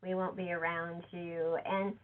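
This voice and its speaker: A woman's voice: measured pace, a little hiss or hum. A woman giving a conversational conference talk, acting out quotes from other people. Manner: conversational, quotes others with lively shifts in pitch. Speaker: conference speaker. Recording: tinny phone-like audio.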